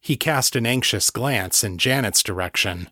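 A man reading a novel aloud as an audiobook narrator, in an even, measured storytelling way. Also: medium pitch, no room sound, studio quality.

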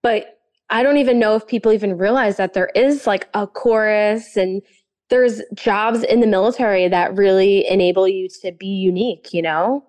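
A woman's voice: mid-range voice, steady tone, moderate pace, darkish tone. A young woman chatting casually and gushing, with lots of fillers and giggles. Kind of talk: casual chat.

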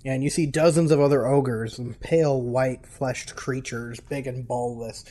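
A man's voice: medium pitch, fairly even intonation, unhurried, dark tone. A young man narrating as game master of a tabletop game, casual and laughing often.

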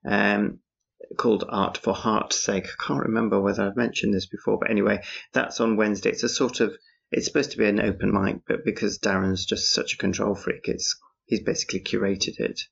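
A man's voice: fairly low pitch, little pitch movement, fairly quick, creaky, breathy edge. A man talking outdoors on a street at night in a rambling, casual monologue, with wry, dryly sarcastic asides. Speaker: podcaster. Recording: dull, muffled lo-fi recording.

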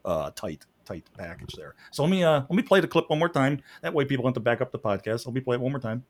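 A man's voice: medium pitch, fast, a little hiss or hum. A man co-hosting a podcast, reading out announcements and running a contest in a loose DJ-style way. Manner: lively, laughing, loose DJ-style delivery. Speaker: podcast co-host. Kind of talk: casual podcast chat.

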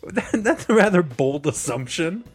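A man hosting a casual comedy podcast, joking and laughing with friends, playful with quick asides. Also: a little high, very animated, husky. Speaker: podcast host.

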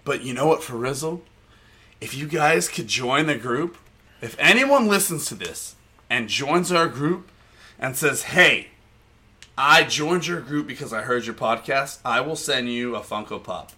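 A man co-hosting a podcast, telling stories loudly with frequent laughter in casual banter. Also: medium pitch, animated, unhurried. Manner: loud, laughing, storytelling. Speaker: podcast co-host.

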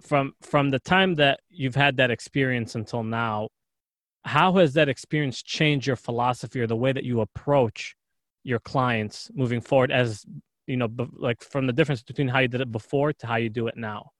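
A man co-hosts a podcast with a mid-pitched, measured voice. He works through long questions, restarting as he goes. The sound is dry and close. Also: a bit bright, dry recording. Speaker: podcast co-host. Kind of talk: casual interview chat.

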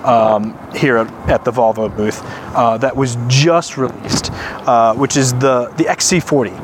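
A man's voice: medium pitch, measured pace, noisy background. A man co-hosting a podcast, chatting casually and enthusiastically while touring cars on an auto show floor. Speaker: podcast co-host. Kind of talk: casual walking-tour chat.

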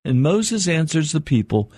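An older man preaching an earnest radio sermon, his voice climbing higher as he presses a point. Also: very animated, moderate pace, a little mellow, slightly rough, dry recording, clean studio sound. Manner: earnest, rising in pitch for emphasis and quotes.

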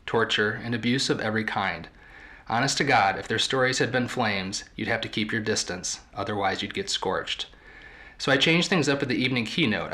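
Man, podcast host, reading aloud, measured storytelling, low pitch, bright tone.

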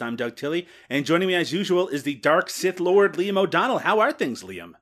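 Lively bright-voiced male podcast host. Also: a little high, fairly quick, hardly any pauses, faint music behind. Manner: joking, mock-serious teasing. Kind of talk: comedic podcast chat.

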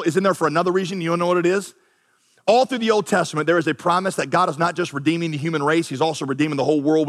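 Animated high-voiced man preaching. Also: long reverb tail. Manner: animated preaching, acting out quoted voices with big pitch swings. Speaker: pastor. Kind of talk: sermon.

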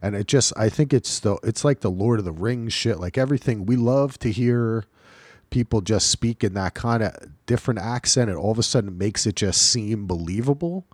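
A man's voice: on the low side, brisk, darkish tone, no echo, clean studio sound. An American man co-hosting a podcast, chatting casually in a rambling way, with lots of fillers and restarts. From United States. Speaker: podcast co-host. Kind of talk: casual chat.

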